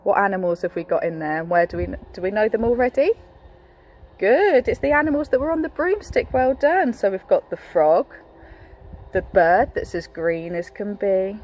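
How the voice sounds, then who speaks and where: A woman's voice: medium pitch, moderate pace, darkish tone, low-quality recording. A young woman teacher reading a picture book aloud to a class, encouraging and asking the children questions.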